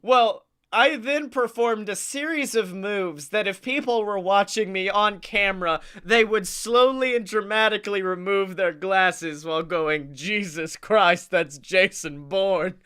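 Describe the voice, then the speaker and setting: A man co-hosting a comedy podcast, telling animated stories, acting out quotes and laughing often. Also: high voice, unhurried, hardly any pauses, smooth. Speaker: podcast co-host. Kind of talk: casual comedic storytelling.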